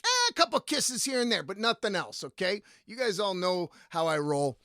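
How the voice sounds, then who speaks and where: A man hosting a podcast, telling a rambling story in a casual, profane and lively way. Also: high-pitched, moderate pace, dry recording, studio quality. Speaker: podcast host.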